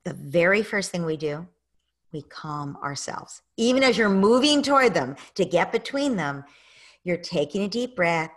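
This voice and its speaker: A woman's voice: lowish voice, moderate pace. An American woman, a parenting expert, answering audience questions in an online masterclass and animatedly acting out parents and kids. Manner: animated, acts out parents and kids in quoted lines.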